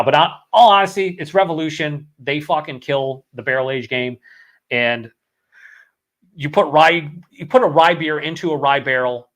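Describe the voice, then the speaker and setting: A man's voice: fairly high pitch, fairly bright tone. A young man hosting a long live beer vlog, rambling casually and swearing often as he reads out chat comments, his voice worn from hours of talking. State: voice worn after hours of streaming.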